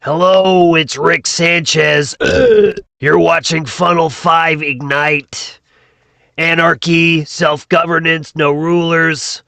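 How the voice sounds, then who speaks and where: A man's voice: a little high, lively intonation, slow pace, vocal fry, pushed and bright, no room sound, voice pushed down, full character voice. Rick Sanchez, a sneering old genius done by a man. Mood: condescending. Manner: condescending, dismissive. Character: arrogant genius old male scientist.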